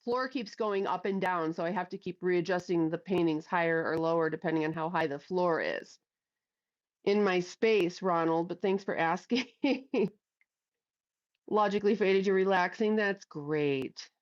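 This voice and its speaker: A woman's voice: fairly low pitch, unhurried, lo-fi sound. A middle-aged woman hosting a casual livestream on a headset, chatting bluntly with plenty of swearing and reading out viewers' comments. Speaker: livestream host. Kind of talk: casual live chat. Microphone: headphones with mic.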